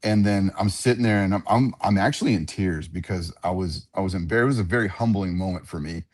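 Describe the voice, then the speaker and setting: A man, an octagon announcer, telling animated stories in a casual radio interview and often repeating his words. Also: low-pitched, fast talker. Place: radio studio.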